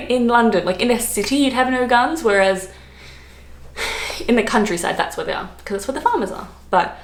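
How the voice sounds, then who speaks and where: Chatty Australian woman in an echoey room. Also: medium pitch. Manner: chatty, rambling, laughs often, lots of ums and likes. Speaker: vlogger. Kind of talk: casual chat to camera. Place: room, lived in London.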